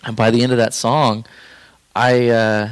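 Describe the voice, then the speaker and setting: A man's voice: medium pitch, little pitch movement, measured pace, clear, resonant tone, no room sound. A young man sharing a personal faith story on a podcast, earnest and heartfelt, rambling with fillers and restarts as he talks.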